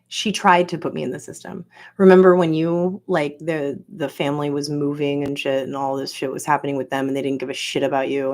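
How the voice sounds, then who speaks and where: A woman's voice: deep voice, darkish tone. A woman from Florida hosting a podcast, rambling through a profane, venting personal monologue packed with filler words. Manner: venting, incredulous. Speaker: podcast host.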